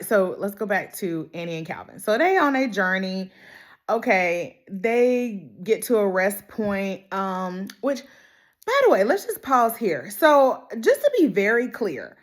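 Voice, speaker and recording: A young woman, chatting casually through a TV episode recap with dramatic exclamations. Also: fairly high pitch. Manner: animated, laughs often, dramatic exclamations. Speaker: show recap vlogger.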